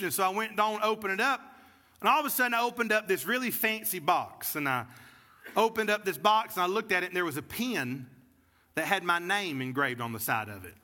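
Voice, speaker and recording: High, bright-voiced preacher in a hall. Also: male voice, expressive, a little fast. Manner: storytelling, builds to preaching fervor. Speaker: pastor. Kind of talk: sermon. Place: church sanctuary.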